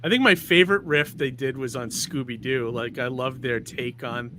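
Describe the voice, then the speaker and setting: A man hosting a casual interview, chatty and quick to laugh. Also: medium pitch, pushed and bright, a little hiss or hum. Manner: laughs easily, loose and chatty. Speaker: podcast host.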